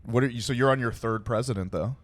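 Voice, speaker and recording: A man's voice: medium pitch, quick pace. A man hosting a casual podcast, asking loose, joking questions with frequent stumbles and restarts. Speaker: podcast host.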